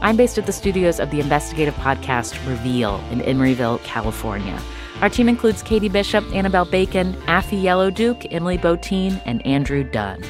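A woman podcast host with a very low voice speaks in a measured, deliberate way. Clear music plays underneath her. She reads her outro calmly. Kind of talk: interview and scripted outro.

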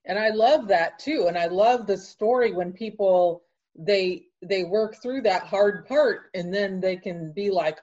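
A woman hosting an interview, responding to her guest in a warm, encouraging way. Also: medium pitch, measured pace. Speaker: interview host. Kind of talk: casual interview chat. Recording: husky voice on a dull lo-fi line.

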